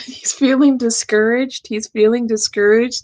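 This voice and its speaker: A woman giving a casual tarot reading, talking slowly to her cards and thanking the angels. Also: fairly high pitch, darkish tone. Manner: slow, drawn-out, talks to the cards and angels. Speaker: tarot reader.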